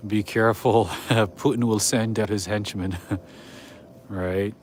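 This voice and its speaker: A man with a fairly low voice talks casually to his livestream viewers as he strolls a city street at night. He chuckles often and keeps up a loose, friendly commentary, with faint street noise behind him. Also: fairly even intonation, takes it slowly. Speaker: livestream host. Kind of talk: casual walking livestream chat.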